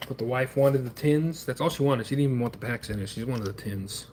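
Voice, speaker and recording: A man's voice: medium pitch, fairly quick, noisy background. A man streaming himself opening trading card packs, chatting in a rambling, wry, self-deprecating way.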